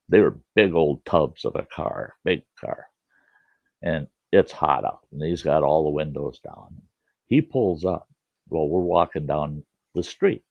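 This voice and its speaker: Brief: folksy storyteller in his sixties, low and animated, dry lo-fi sound. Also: no room sound. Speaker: storyteller host. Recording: dull lo-fi dry recording.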